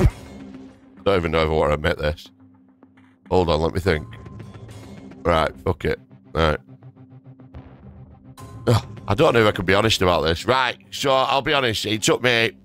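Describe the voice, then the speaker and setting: A man's voice: on the low side, a bit bright. A young man, rambling and swearing casually through gameplay commentary at his desk. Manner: rambling, sweary and self-mocking. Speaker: gaming video creator. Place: home desk. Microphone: dynamic microphone at a desk.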